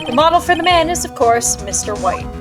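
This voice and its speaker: A woman's voice: high-pitched, big pitch swings, a little fast, over music, voice pushed up. A woman voicing a pompous, arrogant male company chief who shows off with grandiose invented words, reading along with a game.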